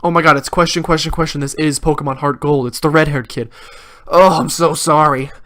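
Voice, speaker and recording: A man's voice: fairly high pitch, steady tone, fast talker, a bit bright. A man hosting a let's play, reading game dialogue aloud and making goofy, sarcastic jokes. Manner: goofy, sarcastic, joking asides.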